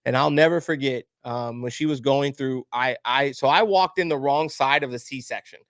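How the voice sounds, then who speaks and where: A man's voice: mid-range voice, normal speed, no room sound, clean studio sound. A man, a podcast guest telling a personal story candidly and acting out the other voices. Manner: candid, animated storyteller, acts out quoted voices. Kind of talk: emotional storytelling interview.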